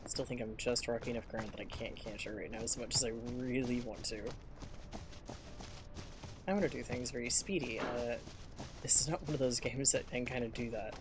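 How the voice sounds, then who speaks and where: A man's voice: mid-range voice, fairly even intonation, a little fast, background noise. Man streamer thinking aloud over gameplay. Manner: rambling, thinking aloud while playing. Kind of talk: casual live gameplay commentary.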